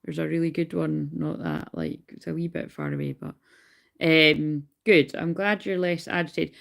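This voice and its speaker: Scottish woman, tarot reader on a live stream, talking from bed, tired and rambling, curses freely, gravelly fry in the voice. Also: low voice, expressive, moderate pace, fairly bright tone. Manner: chatty, rambling, swears casually. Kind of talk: casual live stream chat. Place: in bed at home.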